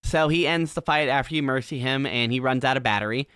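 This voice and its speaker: A man's voice: medium pitch, fast, a bit bright, clear, resonant tone, dry recording, clean studio sound. A man hosting a casual chat, explaining a video game's events step by step. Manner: explanatory, walks through game events step by step. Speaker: podcast host.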